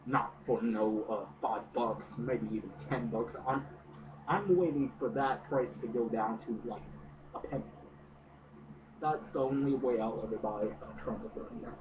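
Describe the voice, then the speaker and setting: A man's voice: medium pitch, unhurried. A man giving a casual, profane movie rant, hesitant and full of fillers. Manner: hesitant, many fillers, swears a lot. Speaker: movie reviewer. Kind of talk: casual ranting film review. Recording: distant noisy phone-like audio.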